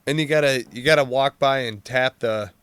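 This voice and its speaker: A man spins loose, profane service stories, laughing often and restarting his sentences. His voice comes through smooth and resonant, and the recording is dry and close, with no room sound. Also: medium pitch, normal speed, a bit bright, no room sound. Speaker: podcast guest, Marine veteran. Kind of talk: casual storytelling chat.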